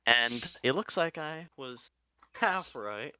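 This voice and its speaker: A man's voice: mid-range voice, animated, slow pace, bright, forceful tone, clean tone, no echo, poor audio. A man chatting with friends while gaming, playful and a bit theatrical. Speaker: player.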